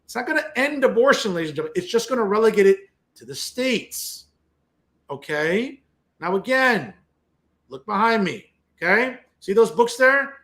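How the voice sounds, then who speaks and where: A man's voice: sits high, a bit bright. A man hosting his own political commentary show from a home office, combative and sarcastic, often tagging lines with "okay?" and "right?". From New Jersey. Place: home office with bookshelves behind him.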